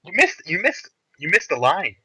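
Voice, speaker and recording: A man's voice: sits high, very animated, moderate pace, pushed and bright, husky, no room sound. A young man co-hosting a podcast in casual chat, laid-back, chiming in with short reactions and laughs. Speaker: podcast co-host. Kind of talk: casual chat recapping TV episodes.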